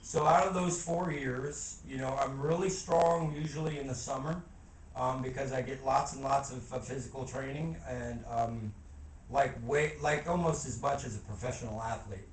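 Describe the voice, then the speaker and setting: A man's voice: medium pitch, fairly even intonation, normal speed, far from the mic. A man talking casually to camera in a rambling, slangy way, often laughing. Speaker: vlogger. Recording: echoey room with faint ambient noise.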